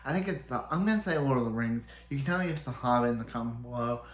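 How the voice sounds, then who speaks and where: A man's voice: mid-range voice, expressive, very fast. Rambling man recapping a show, roomy sound. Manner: rambling, many restarts and fillers. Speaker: TV show reviewer. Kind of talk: casual episode recap. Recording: roomy echo.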